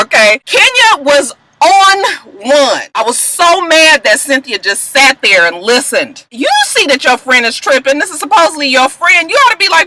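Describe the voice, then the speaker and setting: A woman's voice: high-pitched, sing-song, normal speed, noisy background. A woman recapping a reality show on her vlog in a blunt, profane, emphatic way. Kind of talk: casual recap commentary.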